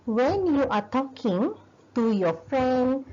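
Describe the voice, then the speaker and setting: A woman's voice: high-pitched, big pitch swings, takes it slowly, mellow. A woman lecturer with a Malaysian English accent, explaining step by step in a recorded video lesson and often checking in with "okay?". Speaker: university lecturer. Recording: dull lo-fi recording.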